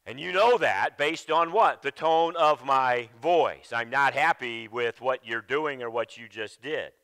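A man preaching a sermon at a slow, deliberate pace with a bright, forceful tone. He stresses key words and then drops to a low, quiet voice, repeating phrases as he restarts his thoughts. The sound is dry and close. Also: smooth, dry recording. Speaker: pastor. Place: church sanctuary.

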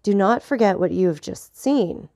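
A woman voicing a grave, vengeful nobleman who speaks in a measured, solemn way. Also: mid-range voice, animated, mellow, lo-fi sound, lightly acted.

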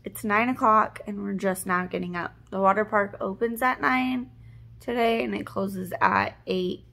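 A woman's voice: mid-range voice, steady tone, measured pace, vocal fry, bright, forceful tone. A woman chatting casually to the camera in a hotel room, a rambling storyteller who fills her talk with "like". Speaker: family vlogger, mother of twins. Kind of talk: casual vlog chat.

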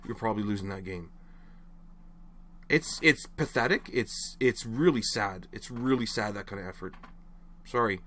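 A young man vents to camera about his team, his voice leaping up and dropping in a lively, animated way. He rambles, restarts and keeps apologizing after each outburst. His pitch sits in a middle range for a man. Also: a little hiss or hum. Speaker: hockey fan vlogger. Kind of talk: casual rant to camera.

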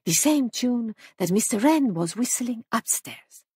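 A woman's voice: on the high side, lively intonation, unhurried, darkish tone, slightly rough, no room sound, clean studio sound, pitched above the performer's own voice, full character voice. A woman voicing a stern male police sergeant in an audiobook, speaking in a firm, clipped, probing way. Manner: firm, clipped, pressing questions.

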